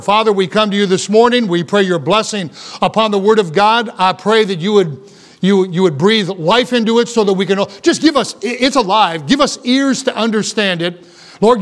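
A middle-aged man preaching a sermon as pastor, earnest and emphatic, with repeated phrases. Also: high-pitched.

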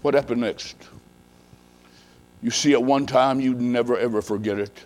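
A man preacher telling a story in a sermon, dramatic, swinging from hushed low tones to loud emphasis. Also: steady tone, normal speed, rough recording.

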